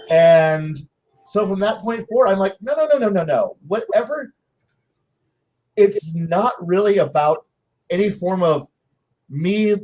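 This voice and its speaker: Sitting on a panel, a man with a high, slightly mellow voice swaps tabletop game anecdotes in loose, casual conversation. He restarts often and slips in small acted-out quotes from his players.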